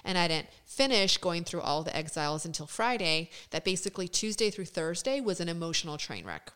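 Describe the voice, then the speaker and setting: A woman in her thirties talks candidly on a podcast, in a rather low, smooth and resonant voice. She explains her methods step by step and drops blunt swear words along the way, in a casual conversational tone. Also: sing-song, brisk, fairly bright tone. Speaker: podcast host.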